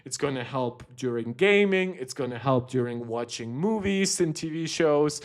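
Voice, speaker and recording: A man's voice: medium pitch, animated, normal speed. Chatty tech streamer, a man. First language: German. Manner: chatty, rambling, frequent restarts. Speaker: tech channel host. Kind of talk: casual livestream commentary.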